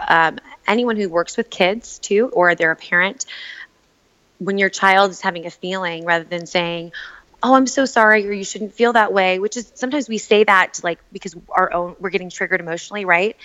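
A woman's voice: on the low side, fairly bright tone. A woman in casual, reflective conversation who often repeats words and restarts her sentences. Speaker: podcast guest, writer on emotions. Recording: dull lo-fi audio.

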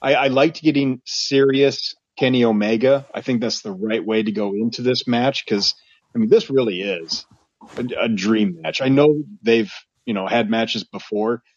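A man's voice: mid-range voice, normal speed, no room sound, dull audio. A man co-hosting a wrestling podcast, talking casually with many hesitant restarts. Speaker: podcast co-host.

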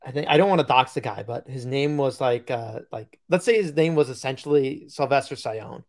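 A man's voice: medium pitch, brisk. A man co-hosting a podcast in casual chat, telling stories in a rambling way, with plenty of fillers and acted-out quotes. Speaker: podcast co-host.

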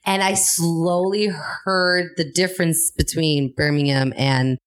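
A woman's voice: low-pitched, steady tone, takes it slowly. A woman comedian and actor, a podcast guest, telling stories in casual chat and laughing often.

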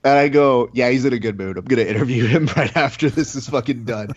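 A man's voice: mid-range voice, fast talker, husky, lo-fi sound. A man hosting a podcast in casual chat, telling stories and acting out the quotes. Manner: animated storyteller, acts out quotes. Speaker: podcast host.

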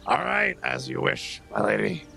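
Casting: playful man player, gravelly and bright, lively pitch, faint music under. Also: moderate pace. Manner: teasing, playful, mock-gallant. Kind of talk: in-character tabletop play.

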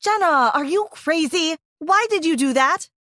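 A woman voices an exasperated teenage girl pleading with her best friend, using an exaggerated, extremely high voice pitched above her own. The delivery is unhurried, lively in intonation and a bit bright, in a dry, studio-quality recording.

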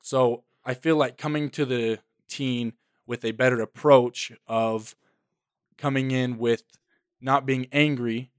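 A man's voice: mid-range voice, steady tone, takes it slowly, smooth, dry recording, studio quality. A man co-hosting a podcast, giving casual, reflective advice from his own point of view. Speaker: podcast co-host.

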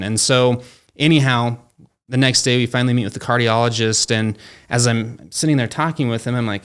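A man with a smooth, resonant voice and a mid-range pitch, talking as a guest in easy conversation. He tells his stories in a loose, chatty way, full of fillers, and sometimes acts out what people said to him. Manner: chatty, many fillers like "like" and "you know". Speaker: company founder and guest. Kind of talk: casual conversational storytelling.

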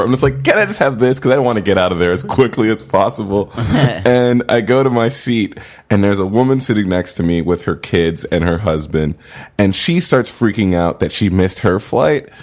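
A young man telling a funny story in casual podcast chat, laughing often and acting out his own reactions. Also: mid-range voice. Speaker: podcast guest, comedian.

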